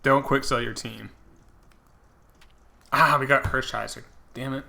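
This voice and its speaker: A young man streams a game and chats as he plays. His voice is bright and clear, and he talks in a loose, rambling way, with many fillers and restarts. He stays casual throughout. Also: medium pitch, fairly even intonation, measured pace. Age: young adult. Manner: rambling, filler-heavy, chatty. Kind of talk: casual commentary while gaming.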